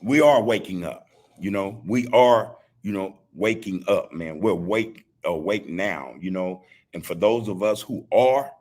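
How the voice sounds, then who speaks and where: Husky man preaching to his listeners. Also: lowish voice. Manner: preachy, repeats himself, street slang like "homie" and "man". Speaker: podcast host. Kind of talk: casual monologue. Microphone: video call.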